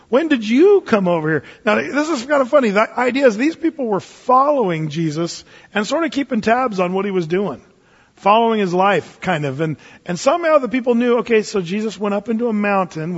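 A man's voice: high voice, lively intonation, fairly quick, breathy edge. A man teaching the Bible verse by verse as a pastor, in a folksy, emphatic, chatty way. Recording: dull, echoey hall recording.

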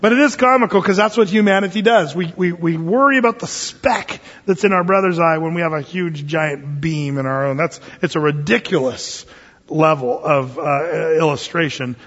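High-voiced man preaching in an echoing hall. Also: fairly bright tone. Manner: folksy, with humorous asides and slow scripture reading. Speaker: pastor. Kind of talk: conversational Bible teaching sermon. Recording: dull lo-fi sound with long hall reverb.

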